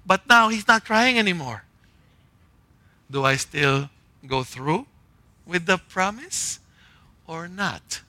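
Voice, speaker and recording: A man delivers a conversational sermon in a fairly high, sharply bright voice. He speaks in short, punchy phrases, often turning to the congregation with "right?" and "okay?" to keep them with him. The sound is close and dry, with no room echo. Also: expressive, takes it slowly, pauses often. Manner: checks in with listeners, often asking "right?" and "okay?". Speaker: pastor. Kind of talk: conversational sermon with a personal story.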